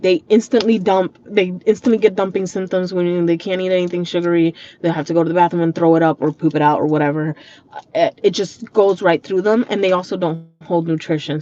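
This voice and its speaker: A woman's voice: fairly low pitch, darkish tone, muffled recording, a little hiss or hum. A woman vlogging from her parked car, talking candidly and emotionally with her viewers, swearing freely and holding back tears.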